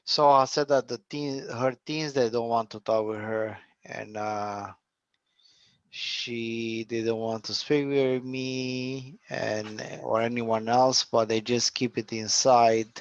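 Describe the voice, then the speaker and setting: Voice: mid-range voice, fairly even intonation, slow pace, no echo. A host moderating an online talk, hesitantly relaying audience questions. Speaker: group host. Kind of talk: interview moderating. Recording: dry and dull, lo-fi.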